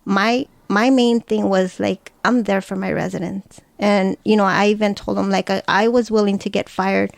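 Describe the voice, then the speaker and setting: A woman's voice: medium pitch, steady tone, moderate pace, vocal fry, few pauses, no echo. A woman guest in a casual podcast chat, talking hesitantly and leaning on fillers. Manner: hesitant, filler-heavy storytelling.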